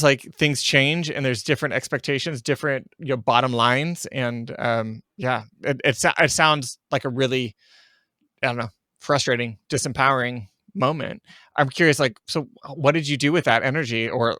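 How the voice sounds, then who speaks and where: Bright-voiced male podcast host. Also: medium pitch, dry recording, studio quality. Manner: thoughtful, encouraging with short affirmations. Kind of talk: conversational interviewing.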